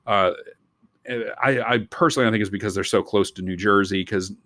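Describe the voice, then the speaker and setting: Male teacher, low voice, dry close sound, chatty lecturing full of asides. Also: fairly quick, fairly bright tone, no room sound. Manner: rambling, digressive asides. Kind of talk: recorded history lecture.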